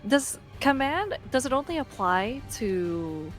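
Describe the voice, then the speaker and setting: A woman's voice: sits high, big pitch swings, takes it slowly, faint music behind. A woman playing in a streamed tabletop game, asking the game master questions and speaking in character. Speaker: player. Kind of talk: tabletop role-play.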